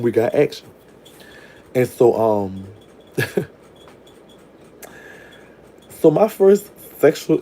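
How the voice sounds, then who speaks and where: A man's voice: mid-range voice, warm tone, a little hiss or hum. A young adult man telling a crude story in a casual, brash way, laughing and trailing off into murmurs. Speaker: vlogger telling prison stories.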